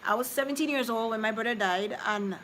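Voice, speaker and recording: A woman's voice: on the high side, a little fast, a bit bright, a little hiss or hum, low-quality recording. A woman, chatting casually with live-stream viewers. She rambles, repeats herself, and speaks from the heart. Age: 30s. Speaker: vlogger reading live chat.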